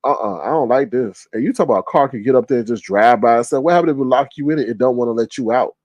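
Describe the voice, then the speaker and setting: A man casually hosting a livestream, reading chat aloud in a joking, animated way and laughing often. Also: fast talker, no room sound, lo-fi sound. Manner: animated, joking, laughs often, jumps to high-pitched exclamations.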